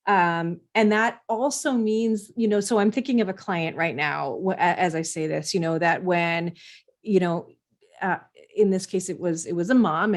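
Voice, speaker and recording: Affirming woman podcast host. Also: fairly low pitch. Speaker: podcast host and parenting coach. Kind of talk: podcast interview.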